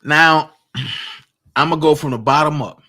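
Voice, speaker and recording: This online commentator's voice is on the high side, slow, and sharp in tone. On a casual livestream, he confronts his viewers directly and keeps repeating his points for emphasis.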